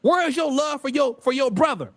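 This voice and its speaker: High, lively man preaching on a livestream. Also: a little fast, no room sound. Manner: preachy, confrontational, swings pitch widely. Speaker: livestream host. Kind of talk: heated livestream commentary.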